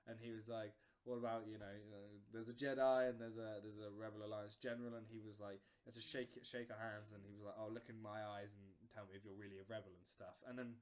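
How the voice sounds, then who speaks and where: A man's voice: lowish voice, flat delivery, quick pace, hardly any pauses. A man casually telling a long story on a podcast, with many fillers and restarts. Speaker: podcast host. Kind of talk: casual chat.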